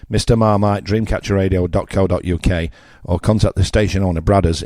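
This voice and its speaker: Blunt older English radio presenter, low and dry. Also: male voice, mellow, dry recording. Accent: Yorkshire English. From England. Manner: blunt, mocking, conversational with asides. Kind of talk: opinionated radio monologue.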